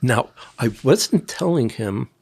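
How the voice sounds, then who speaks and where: An older man from Tennessee, a podcast guest, telling personal stories in a rambling, halting way with quiet asides. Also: mid-range voice, animated, creaky. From Nashville, Tennessee. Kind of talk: personal storytelling in an interview.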